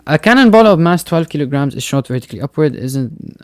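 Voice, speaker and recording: A man's voice: medium pitch, expressive, fast talker, few pauses, a little mellow, dry recording, studio quality. A male physics teacher walking through a recorded tutoring lesson step by step, often checking in with "right?" and "okay?" and slipping in Arabic words.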